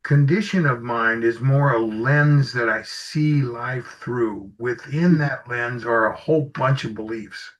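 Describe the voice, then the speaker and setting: A man with a medium pitch speaks at a measured pace with few pauses. He's being interviewed as an executive coach and tells easygoing anecdotes, acting out pieces of dialogue, in somewhat muffled audio.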